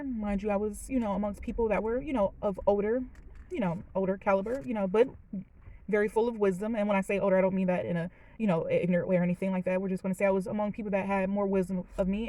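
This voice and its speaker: A woman's voice: mid-range voice, dark tone, poor audio. A woman in her late twenties, a vlogger telling a personal story in a candid, chatty and emotional way, with many fillers, from a parked car. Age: late 20s.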